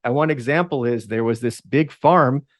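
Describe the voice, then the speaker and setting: A man hosting a casual conversation, wry and joking, quick to mimic others. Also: mid-range voice. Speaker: host.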